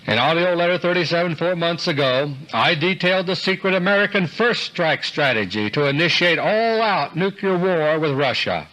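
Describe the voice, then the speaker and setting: A man delivering a scripted political commentary monologue in an earnest, deliberate way, slowing down for emphasis. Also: a little high, animated, bright, forceful tone, poor audio. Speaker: commentator delivering a recorded audio letter.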